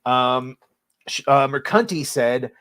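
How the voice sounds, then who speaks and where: A man's voice: mid-range voice, lively intonation, takes it slowly, fairly bright tone, no room sound, clean studio sound. A man co-hosting a podcast in casual chat, profane, rambling and sarcastic. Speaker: podcast co-host.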